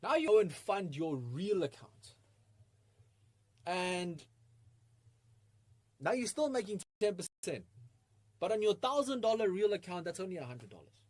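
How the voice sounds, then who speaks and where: An energetic man leads a live online webinar, firing off rhetorical questions and chuckling often. His voice sits a bit high for a man. The sound is close and dry, with no room around it. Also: unhurried, pauses often, no echo. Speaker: trading webinar presenter. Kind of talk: live online masterclass talk.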